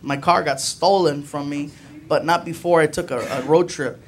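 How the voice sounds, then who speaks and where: A man doing stand-up comedy, telling a story animatedly and acting out voices with shouts. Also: a little high, normal speed, slight background noise. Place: comedy club stage. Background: crowd laughter.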